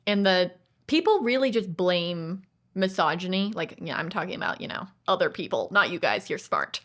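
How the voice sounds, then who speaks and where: A woman's voice: lowish voice, sing-song, normal speed. A woman co-hosting a podcast, chatting casually about movies in a digressive way and acting out other people's lines. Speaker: podcast co-host.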